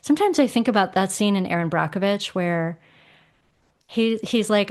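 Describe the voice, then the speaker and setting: A middle-aged woman talking casually as a podcast guest, explaining ideas with animated emphasis and acting out quoted voices. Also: mid-range voice, normal speed.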